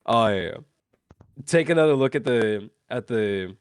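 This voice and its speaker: A man's voice: medium pitch, lively intonation, takes it slowly, clear, resonant tone, no room sound. A man playing a tabletop game, describing his character's actions in a rambling, filler-heavy way, laughing as he goes. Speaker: player. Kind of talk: casual tabletop role-play.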